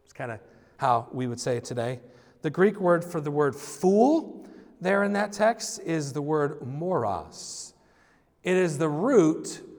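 Pastor preaching in a reverberant hall. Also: male voice, fairly high pitch, a little mellow. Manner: informal, with frequent restarts and repeated words. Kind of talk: conversational sermon. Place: church sanctuary. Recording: long reverb of a church hall.

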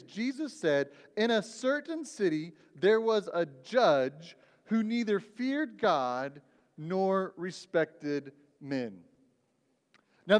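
High-voiced pastor preaching in a hall. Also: male voice. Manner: conversational, asks "right?" often. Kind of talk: sermon. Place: church sanctuary.

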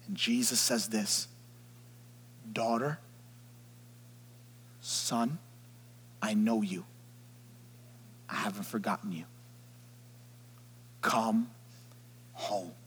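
A man preaching an Easter sermon as pastor, swinging from near whispers to loud shouts. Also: medium pitch, breathy edge. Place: church sanctuary. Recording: long hall reverb.

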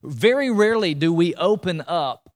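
A man preaching with a drawl and a slightly raised pitch. He speaks conversationally, often repeating himself and checking in with the congregation. His delivery is animated, like a pastor in full swing. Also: moderate pace. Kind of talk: sermon.

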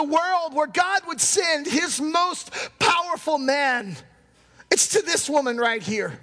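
High-voiced man preaching in an echoing hall. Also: lively intonation, slow, sharp tone. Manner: impassioned preaching, acts out quoted voices. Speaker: pastor. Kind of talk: sermon.

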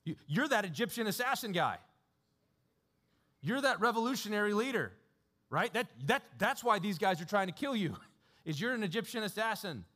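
A flustered Roman officer, out of his depth, blurting excited accusations in a raised, lively voice, as a preacher acts him out. The pitch jumps up as he jumps to conclusions. It stays close to an everyday talking voice. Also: moderate pace, heavily acted. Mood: excited, accusing. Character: flustered Roman tribune, male, in over his head.

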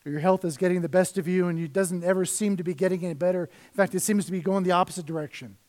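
A man preaching a conversational sermon as pastor, swinging between loud emphasis and quiet asides. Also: high voice, steady tone, fast talker. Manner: conversational preaching, rises and drops in volume.

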